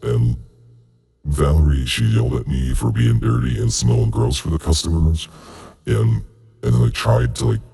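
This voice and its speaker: A man's voice: rumbling low, normal speed, creaky, warm tone, breathy edge, exaggerated voice. A man playing a flustered tentacled young woman. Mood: upset. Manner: tearful, rambling, oversharing. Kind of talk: tabletop role-play in character.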